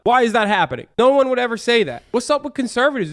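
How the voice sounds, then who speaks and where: A man's voice: very high-pitched, big pitch swings, fast, no room sound. A man in a played clip, talking sarcastically and crudely and mimicking his opponents. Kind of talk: mocking online commentary.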